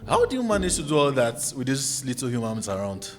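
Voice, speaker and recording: A man's voice: medium pitch, huge pitch swings, a little fast, over music. A man hosting an interview, asking short, easy questions and giving small listening murmurs. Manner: brief prompts and listening murmurs. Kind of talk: casual interview.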